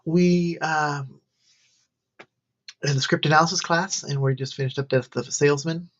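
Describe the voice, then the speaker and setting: A woman's voice: low voice, steady tone, normal speed. Tired woman rambling on a livestream. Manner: rambling, wandering chat. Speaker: college student. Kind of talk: casual livestream diary. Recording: dull lo-fi stream audio.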